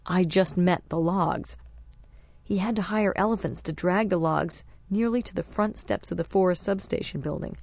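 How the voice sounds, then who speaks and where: A woman reading a travel memoir aloud as a narrator, in a measured, descriptive storytelling manner. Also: fairly low pitch, creaky, a little mellow, dry recording. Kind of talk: scripted audiobook narration.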